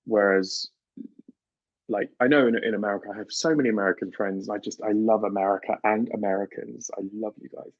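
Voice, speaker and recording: A man's voice: fairly low pitch, steady tone, a little fast, dry recording, dull audio. A British man hosting a livestream, chatting casually and animatedly with viewers and laughing often. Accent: British English. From United Kingdom. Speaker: livestream host. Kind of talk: casual chat with live viewers.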